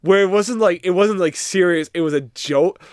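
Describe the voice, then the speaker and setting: A man's voice: high-pitched, normal speed, clear, resonant tone, no echo, studio quality. A young man guest on a podcast, rambling with embarrassment and swearing as he tells a story. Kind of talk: casual chat.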